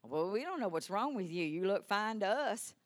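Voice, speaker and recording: A woman preaching a healing sermon in a church service, impassioned and swinging from loud proclamations to soft asides. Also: medium pitch, big pitch swings, normal speed, no echo.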